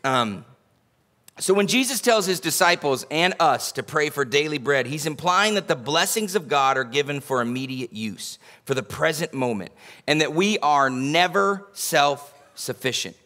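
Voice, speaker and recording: A man's voice: a little high, expressive, normal speed, bright, forceful tone. A male pastor, preaching a sermon in a folksy, humorous storytelling way. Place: church sanctuary.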